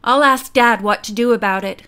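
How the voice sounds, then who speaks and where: A woman's voice: a little high, moderate pace, bright, forceful tone, clear, resonant tone. Woman reading as a curious teen girl detective.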